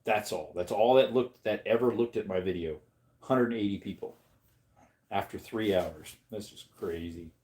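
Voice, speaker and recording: A man chatting casually on a livestream, rambling to his viewers and breaking into high baby talk with his dog. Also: normal speed, darkish tone.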